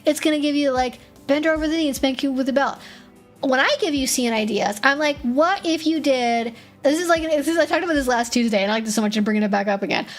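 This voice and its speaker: Brief: high-pitched woman streamer, blunt and profane, chatty Q&A host, faint music behind. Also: fast talker. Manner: blunt, profane, animated storytelling. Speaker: streamer hosting a Q&A. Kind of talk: casual livestream Q&A.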